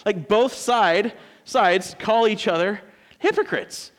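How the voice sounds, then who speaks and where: Casting: higher-voiced man, pastor, lively swooping delivery, casual jokey sermon. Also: unhurried. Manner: conversational, joking, animated.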